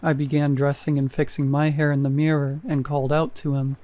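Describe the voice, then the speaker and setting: A man reads a first-person horror story at a steady, measured pace. His voice is mellow and warm, pitched a little high for a man. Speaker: narrator.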